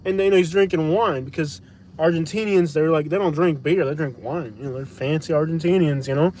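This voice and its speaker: A man's voice: fairly high pitch, fairly quick, a little mellow, slight background noise. A man chatting casually while on a night drive, rambling and joking with lots of fillers. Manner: rambling, many "you know" fillers, joking. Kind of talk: casual chat. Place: inside a car at night.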